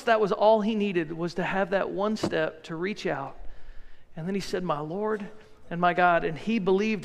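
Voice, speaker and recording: A pastor preaching a sermon in a church, talking in an earnest, conversational way and repeating phrases for emphasis. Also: male voice, high-pitched, creaky, in a large hall. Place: church sanctuary.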